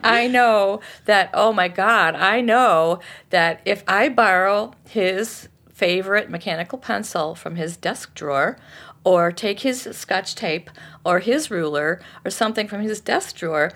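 A woman author being interviewed, teaching forgiveness in a lively, conversational way with frequent restarts. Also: mid-range voice, measured pace.

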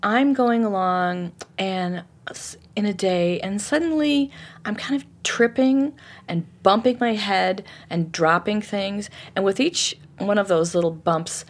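A woman author being interviewed, teaching forgiveness in a lively, conversational way with frequent restarts. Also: mid-range voice, measured pace.

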